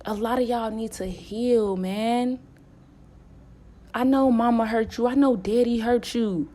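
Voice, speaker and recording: A woman with a somewhat high voice delivers a spiritual warning, scolding and repeating herself like a preacher. She speaks in as she addresses her followers directly. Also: steady tone, a little slow, warm tone. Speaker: spiritual channel host.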